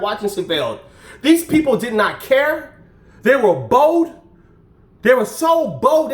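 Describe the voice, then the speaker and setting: A man telling a personal story in casual vlog style, emphatic and animated, often asking "guess what". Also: very high voice, roomy sound. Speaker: vlogger.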